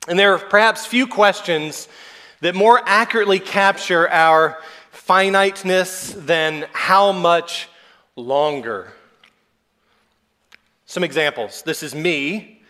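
A man in his thirties, a pastor preaching a measured, earnest sermon. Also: a little high, pushed and bright. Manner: measured, earnest preaching with brief put-on whiny quotes.

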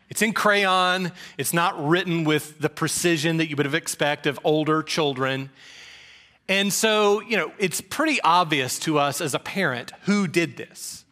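A middle-aged man from preaches in a bright, forward voice pitched a little high. He tells folksy, self-deprecating stories from his own life. The delivery stays relaxed and conversational. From rural Georgia, US. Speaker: pastor. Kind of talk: sermon with personal stories.

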